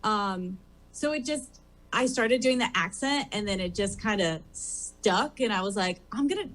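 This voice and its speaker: A woman's voice: mid-range voice, unhurried, a bit bright. A woman guest on a talk show, chatting casually and rambling with lots of fillers. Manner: rambling, full of "like" and "um". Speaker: guest drag performer. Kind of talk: casual interview chat. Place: comedy theater stage.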